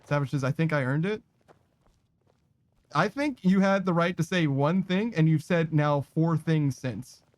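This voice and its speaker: A man's voice: fairly high pitch, a little slow, dry recording. A man giving casual, profane, sarcastic commentary while playing a video game. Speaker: gaming streamer.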